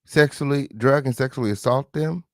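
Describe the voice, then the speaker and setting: A man with a mid-range voice, speaking at normal speed, hosts live reaction commentary on the news, sassy and chatty as he talks straight to viewers. He repeats his catchphrases and tosses in mock-dramatic asides, recorded dry with studio quality.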